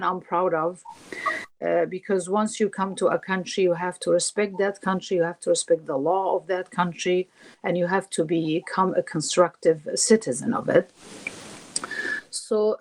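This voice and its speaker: A woman from Syria telling stories from her life as an interview guest, animated and acting out quoted voices. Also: lowish voice, low-quality recording. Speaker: singer and guest. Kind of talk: casual interview storytelling.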